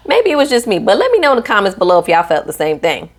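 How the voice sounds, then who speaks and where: A woman talks through a reality TV episode in a casual, sassy recap. She is animated and playful, and she often acts out the people on the show as she quotes them. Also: mid-range voice, fast. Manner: sassy, animated, quotes cast members in voices.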